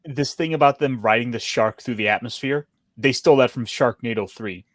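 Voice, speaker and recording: A man's voice: mid-range voice, a little fast, no echo. Plain matter-of-fact guy talking movie details, dry mic. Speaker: podcast co-host. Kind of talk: casual movie review chat.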